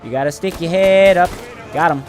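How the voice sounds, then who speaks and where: Animated man commenting on gameplay. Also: high-pitched, moderate pace, faint music behind. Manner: animated, trash-talking, boastful in bursts. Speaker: gaming channel host.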